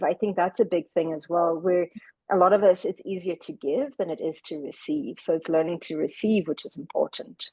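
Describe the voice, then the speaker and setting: A woman from the United Kingdom chatting on a podcast about spiritual work, animated and reflective, often repeating words as she talks. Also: lowish voice, dry recording, rough recording. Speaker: podcast guest, spiritual practitioner. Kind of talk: casual podcast conversation.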